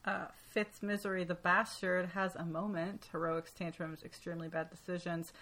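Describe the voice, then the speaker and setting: A woman's voice: on the low side, level tone, moderate pace, fairly bright tone. A woman hosting a casual book discussion, reading out segment headings and laughing often. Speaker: podcast host.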